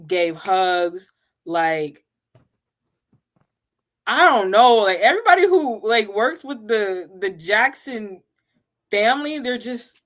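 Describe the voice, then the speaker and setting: A woman chatting casually as co-host, telling an animated story with lots of "like" and frequent laughter. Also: medium pitch. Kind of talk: casual fan chat.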